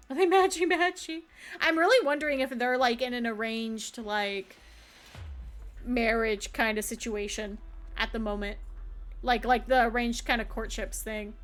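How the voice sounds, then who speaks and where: A young woman with a high voice talks through a story game on her live stream, speaking in rambling, excitable bursts full of "like." Soft music plays faintly underneath her words. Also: measured pace. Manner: chatty, lots of "like" fillers, excitable theorizing. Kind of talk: live gameplay commentary and story read-aloud.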